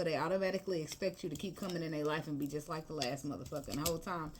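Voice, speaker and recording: A woman's voice: deep voice, fairly even intonation, racing, hardly any pauses, a little hiss or hum. A woman giving a casual tarot reading, chatty and slangy, breaking into bits of song and laughter. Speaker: tarot reader.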